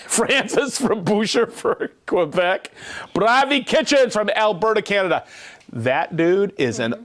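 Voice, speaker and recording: Man, livestream host, upbeat and jokey, unhurried delivery. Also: high-pitched, wildly swooping pitch, fairly bright tone. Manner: upbeat, jokey, rattling off names and places. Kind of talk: reading out viewer shout-outs.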